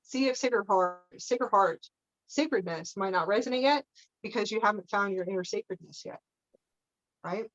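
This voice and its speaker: A woman guiding a live spiritual teaching session, her voice of middling pitch coming through dull, lo-fi call audio. She wanders from thought to thought, checks in again and again with "okay?", and drops playful asides with a laugh. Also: moderate pace. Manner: meandering, checks in with frequent "okay?".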